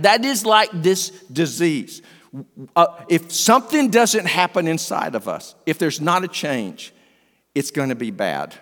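An older man, a pastor, preaching an earnest sermon that swings between emphatic and hushed. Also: high-pitched. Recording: long hall reverb.

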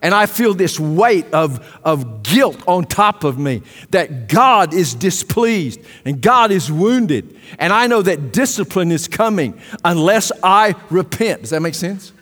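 Male preacher, impassioned sermon, high-pitched, rising and dropping to a hush, reverberant sanctuary. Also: lively intonation, measured pace. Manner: impassioned, swings between loud and hushed. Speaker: pastor. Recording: long hall reverb.

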